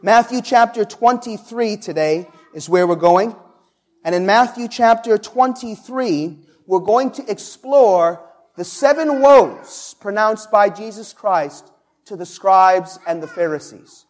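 A male pastor preaching a sermon, drawing answers from the congregation and building to loud, emphatic peaks on key words. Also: sits high, lively intonation, takes it slowly. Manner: call-and-response preaching, asks the congregation to answer.

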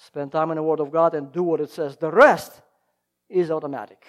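A man preaching a sermon, swinging from emphatic, loud lines to hushed ones, with slightly non-native phrasing. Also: on the high side, steady tone, a little fast. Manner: emphatic, rising and falling in volume.

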